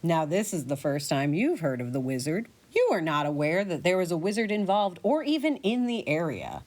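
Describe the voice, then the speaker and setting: A woman narrating a choose-your-own-adventure story in the second person, playful and animated. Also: fairly low pitch, moderate pace. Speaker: podcast narrator.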